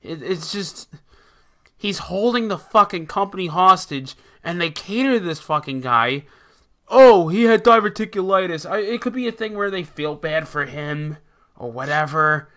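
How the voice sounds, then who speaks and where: Exasperated bright-voiced man. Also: on the high side, animated, moderate pace. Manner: exasperated, swearing. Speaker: podcast co-host. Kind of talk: casual rant.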